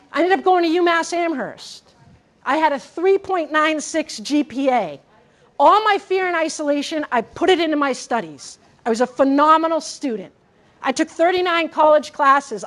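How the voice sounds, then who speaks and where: A woman in her forties with a high voice gives a personal keynote talk. She is candid and earnest and often turns to the audience with direct questions. She grew up in Massachusetts. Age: 40s. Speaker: conference speaker.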